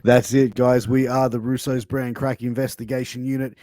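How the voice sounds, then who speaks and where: A man's voice: medium pitch, little pitch movement, normal speed, dark tone, dry recording, clean studio sound. A man co-hosting a podcast, chatting casually and swearing freely while reading sponsor plugs. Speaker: podcast co-host.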